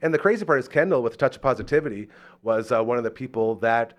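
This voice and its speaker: A man's voice: medium pitch, fast. Guy hosting a live show, chatty, tells stories with lots of energy and does little voices. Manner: animated storyteller, acts out the voices in his stories. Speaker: radio show host. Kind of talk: casual live talk-show chat.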